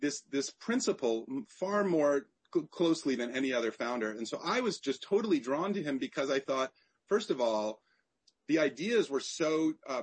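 Male author guest, husky voice, animated storyteller who restarts his phrases. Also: mid-range voice. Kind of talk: conversational interview.

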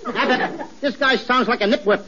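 A comedian on a 1940s radio comedy, whiny and excitable, yelping and giggling between jokes. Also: male voice, very high-pitched, moderate pace. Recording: dull old radio broadcast with loud hiss.

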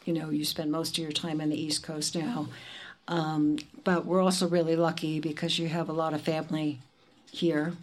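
A woman's voice: sits low, a little mellow. A woman hosting a poetry event, speaking in a chatty, informal way with fillers. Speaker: event host.

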